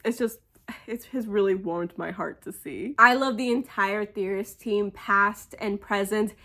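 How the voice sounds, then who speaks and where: A young woman speaking in a casual, heartfelt monologue. She gushes and rambles, filling her talk with little fillers, and her voice sits at an ordinary middle pitch. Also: fairly bright tone. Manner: gushing and emotional, many "like" fillers. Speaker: fan sharing a tribute.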